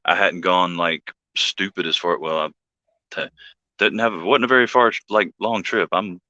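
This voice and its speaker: A man's voice: sits low, steady tone, measured pace, pushed and bright, no room sound, highs cut off. A man co-hosting a livestream, chatting casually, rambling and joking and greeting viewers by name. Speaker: livestream co-host.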